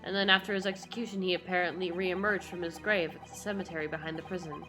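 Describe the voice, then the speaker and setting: A woman's voice: on the low side, fairly even intonation, fast talker, music in the background. A woman streamer reading a story game's narration aloud and reacting with playful swearing.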